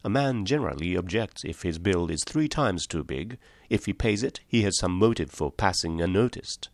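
A man's voice: low voice, animated, normal speed, gravelly, dry recording. A man voicing a small, mild country priest in an audiobook, speaking simply and apologetically. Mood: calmly firm.

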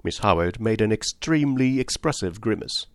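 A man reading a novel aloud in a measured storytelling manner. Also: lowish voice, animated, dry recording, clean studio sound. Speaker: audiobook narrator. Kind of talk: scripted narration.

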